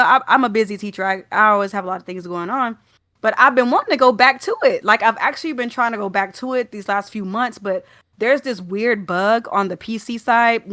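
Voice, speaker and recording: Chatty young woman, slightly high voice. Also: fairly bright tone, no room sound, studio quality. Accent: Southern US. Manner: chatty, rambling, many fillers and restarts. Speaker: podcast co-host. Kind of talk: casual gaming podcast chat.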